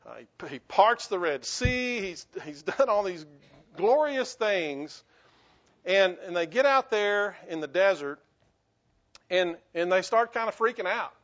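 High-pitched earnest pastor preaching. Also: male voice, animated, a little slow, fairly bright tone. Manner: earnest, repetitive restarts, rising to emphatic bursts. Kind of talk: sermon. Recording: dull lo-fi recording.

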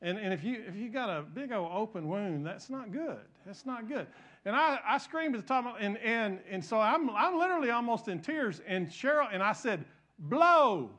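Animated and moving at a moderate pace, a middle-aged pastor delivers a sermon in a notably high, fairly bright voice. He tells the congregation a folksy, meandering story, talking right to them and restarting sentences as he goes.

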